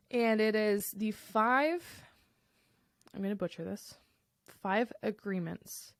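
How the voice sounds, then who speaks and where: A woman's voice: medium pitch, no echo, clean studio sound. A young adult woman hosting her own podcast solo, talking in a candid, reflective, conversational way with fillers and restarts. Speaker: podcast host.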